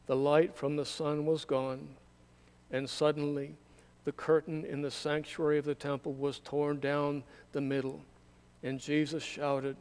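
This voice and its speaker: Slow, smooth-voiced man reading scripture. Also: mid-range voice, flat delivery, a little mellow. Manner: measured, solemn reading. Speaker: scripture reader. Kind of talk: liturgical scripture reading at a candle service.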